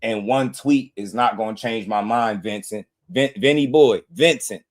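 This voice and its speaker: A man's voice: fairly low pitch, a little slow. A man hosting a live boxing stream, trash-talking and mocking his chat viewers, laughing often and repeating their names as he taunts them. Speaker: boxing livestream host.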